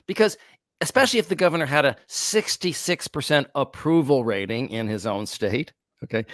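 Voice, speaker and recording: Animated man telling a story, dry sound. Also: on the high side, dry recording. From United States. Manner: animated storyteller, laughs often. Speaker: psychologist and co-host. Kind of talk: casual podcast discussion.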